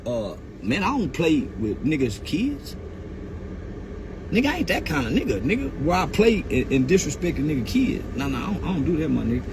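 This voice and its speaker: A man's voice: a little high, big pitch swings, fairly quick, background noise. A man on a long mocking rant, taunting his target with jeers and animal noises. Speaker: commentator.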